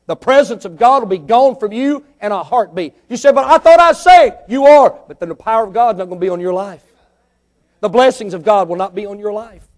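High-voiced fervent male preacher. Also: brisk. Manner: fervent, rhetorical questions, swings between soft and loud. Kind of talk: sermon.

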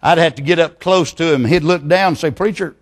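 A pastor preaching a sermon in a church, earnest and pleading, often dropping to a hushed tone. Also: male voice, a little high, steady tone, a little fast.

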